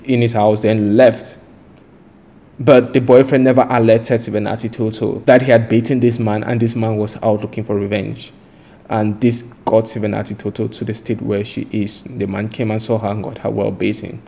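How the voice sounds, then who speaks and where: A man with a dark, mellow voice recounts a crime case. He then turns to opinion, repeating points emphatically and lecturing viewers directly. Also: lowish voice, little pitch movement, moderate pace, creaky. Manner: repetitive, emphatic, lecturing delivery. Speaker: true crime channel host.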